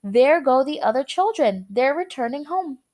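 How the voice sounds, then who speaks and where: A woman voicing a cheerful, eccentric male candy-maker in a storybook read-aloud, brisk, playful and confident. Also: sits high, lively intonation, warm tone, pitched above the performer's own voice.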